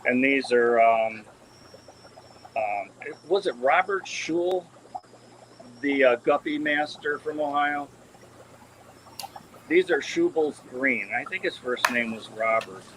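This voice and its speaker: Speaking slowly with long pauses, a medium-pitched man shows off the aquarium tanks in his indoor fish room, where he breeds fish. The live video call, captured on the camera mic, has him chatting casually and rambling with many ums and restarts against a noisy background.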